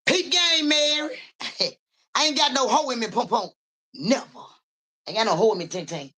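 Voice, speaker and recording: A woman's voice: on the high side, moderate pace, sharp tone. A woman livestreaming as a psychic reader, talking in profane street slang, calling viewers by name and asking "you hear me" over and over, with a cough now and then. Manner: coughs and clears throat. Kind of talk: casual livestream talk.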